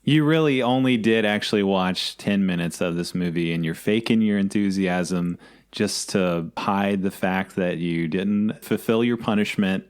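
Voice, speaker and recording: Low-voiced male co-host, thirties, rambling casual banter. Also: measured pace, clean tone. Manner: rambling, self-correcting, teasing. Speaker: podcast co-host. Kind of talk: casual chat.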